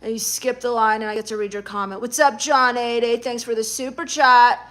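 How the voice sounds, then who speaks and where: A woman hosting a live stream, reading her chat aloud and answering it with dry sarcasm. Her voice sits high and light. She mocks and snaps back at the messages. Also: fairly even intonation, brisk, a bit bright. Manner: sarcastic, mocking.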